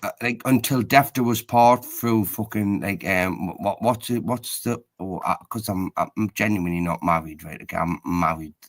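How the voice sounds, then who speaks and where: A man's voice: deep voice, normal speed, hardly any pauses. A middle-aged man, rambling in casual chat and tagging most phrases with "right, okay?".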